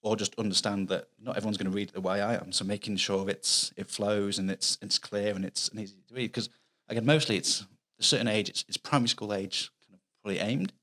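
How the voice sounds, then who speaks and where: A man's voice: fairly low pitch, fairly even intonation, quick pace, pushed and bright. A middle-aged man with a Mancunian accent, chatting earnestly as a guest author in a casual podcast interview. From Manchester, England. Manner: chatty, earnest, explains at length with restarts.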